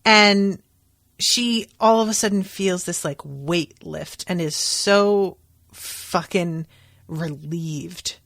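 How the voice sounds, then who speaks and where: A woman's voice: on the low side, slow pace, vocal fry, a bit bright, dry recording, clean studio sound. A woman hosting a podcast, recapping book chapters in a chatty way, with lots of "like" and "um" and some casual swearing. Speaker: podcast host.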